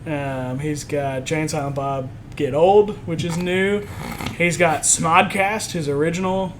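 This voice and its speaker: A man on a podcast, casually telling an animated story and acting out what others said. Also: fairly high pitch, measured pace, background noise. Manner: animated storytelling, acts out quotes. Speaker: podcast co-host. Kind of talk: casual chat.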